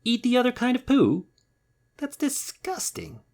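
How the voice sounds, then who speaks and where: A man's voice: low voice, lively intonation, moderate pace, gravelly, breathy edge, full character voice. A man voicing a grumpy, indignant male rabbit in a storybook reading. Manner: sulky, exclaiming, indignant. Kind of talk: storybook character voice.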